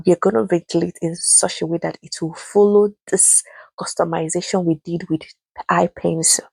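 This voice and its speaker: Nigerian-accented woman, low husky voice, patient tutor, dry close sound. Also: a little mellow, no echo. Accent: Nigerian English. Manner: patient, repeats instructions, slow and emphatic. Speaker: wig-making tutor. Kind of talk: voice-over tutorial.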